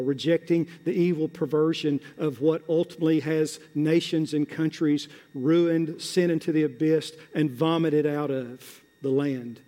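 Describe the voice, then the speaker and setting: A man preaching a sermon as pastor, drawing out key words and repeating phrases, swelling from hushed, slow passages to loud, rising exhortation. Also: a little high. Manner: emphatic, drawn-out words and repetition. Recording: long hall reverb.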